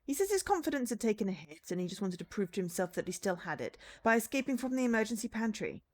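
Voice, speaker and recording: A woman's voice: mid-range voice, sing-song, fast, a little mellow. A woman reading out a gushing thank-you message from a cruise-ship client in a video game.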